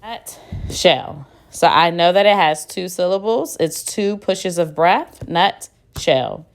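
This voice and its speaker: A woman's voice: lowish voice, animated, slow. A woman teacher giving a phonics lesson, patiently sounding out and spelling words one syllable at a time. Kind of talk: phonics lesson, slow and deliberate.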